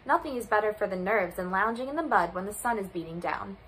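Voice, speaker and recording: A woman voicing a fretful pig trying to calm its nerves, in a children's storybook reading. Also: medium pitch, fast talker, a little hiss or hum, lightly acted, poor audio. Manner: fretful, self-soothing. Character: nervous, pampered pig.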